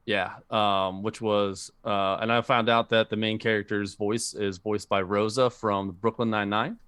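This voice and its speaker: Talking movies on a podcast he co-hosts, a man chats casually and rambles, stumbling through lots of fillers and restarts. His fairly low voice is clear, resonant, and fairly bright, with flat delivery at a moderate pace, in clean studio sound with no echo.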